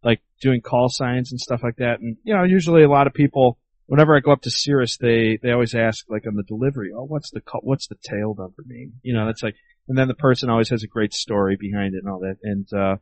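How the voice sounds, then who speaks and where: A man's voice: medium pitch, quick pace, dry recording. A man co-hosting an aviation podcast, chatting in an easygoing way and laughing along. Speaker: podcast co-host, pilot. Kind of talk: casual aviation podcast chat.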